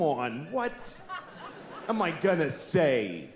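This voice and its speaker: A middle-aged man doing a stand-up comedy set, telling stories in a deadpan, profane way with sudden shouted bursts. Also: mid-range voice, slow pace. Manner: profane, deadpan storytelling that jumps to loud shouted outbursts. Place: comedy stage before a live audience. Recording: live show with clear audience noise.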